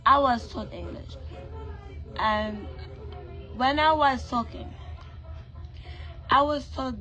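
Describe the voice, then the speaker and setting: A woman's voice: high-pitched, slow pace, long pauses, pushed and bright, faint music behind. A woman from Brooklyn, New York, with a Trinidadian-influenced accent, ranting bluntly and profanely to camera in a vlog, full of emphatic rhetorical questions. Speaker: vlogger. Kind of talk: impassioned direct-to-camera rant.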